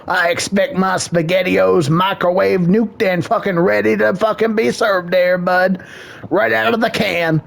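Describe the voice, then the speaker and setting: A man's voice: sits high, fairly even intonation, a little slow, vocal fry, exaggerated voice. A man doing a blustering gamer husband. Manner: blustering, ends every phrase with "there, bud". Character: lazy loudmouth gamer husband, defensive.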